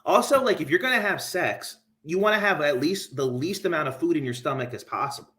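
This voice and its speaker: A man who is a guest comic rambles through casual chat, stacking up filler words as he goes. His voice is bright and edgy, and his pitch swings around a lot. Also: lively intonation, a little fast. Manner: rambling, full of "like".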